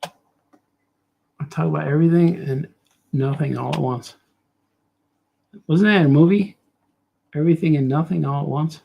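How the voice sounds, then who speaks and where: A man's voice: on the high side, measured pace, gravelly, long pauses, dull audio, slight background noise. A middle-aged man, a cartoonist, chatting loosely as he draws, with joking, self-mocking asides. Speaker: cartoonist streamer. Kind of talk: rambling casual chat while drawing.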